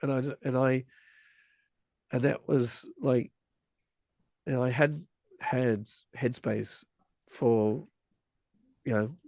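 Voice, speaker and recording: Gravelly-voiced man in his forties, rambling. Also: mid-range voice, fairly even intonation, slow, long pauses, darkish tone, no room sound. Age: 40s. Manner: rambling, many restarts, vivid retelling. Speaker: father telling a story. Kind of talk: casual storytelling conversation.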